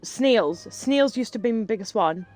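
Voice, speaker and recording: A woman's voice: on the high side, lively intonation, unhurried, a little mellow. Chatty, swearing woman streamer. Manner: chatty, rambling storyteller who swears freely. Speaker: live streamer. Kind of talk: casual chat while gaming.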